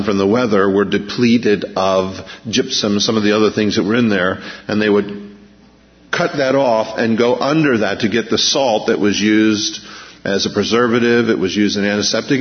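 A man preaching a sermon as pastor, emphatic, slowing down to read scripture and pressing key points. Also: fairly low pitch. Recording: muffled lo-fi with long hall reverb.

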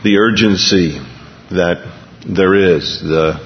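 A man's voice: deep voice, slow, a little hiss or hum. A man preaching a conversational sermon, earnestly reading news items aloud to his congregation. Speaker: pastor. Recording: lo-fi recording with long hall reverb.

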